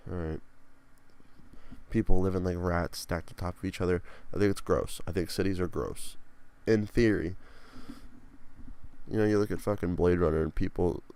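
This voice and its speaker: Gravel-voiced, low, profane young man. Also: steady tone, moderate pace, long pauses, darkish tone. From Pennsylvania. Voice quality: profane, rambling, grumbling. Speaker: podcast host. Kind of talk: casual solo podcast monologue.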